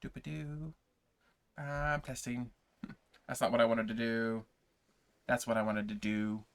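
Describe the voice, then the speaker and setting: A man's voice: mid-range voice, steady tone, a little slow, smooth. A man hosting a livestream, chatting casually and playfully with his viewers before a reading. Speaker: livestream host and reader.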